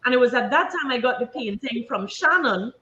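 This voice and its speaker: A woman's voice: a little high, animated, fairly quick, bright, forceful tone. A woman from Trinidad, a book series founder, telling an enthusiastic, run-on story in a casual interview. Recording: dull lo-fi line with faint noise.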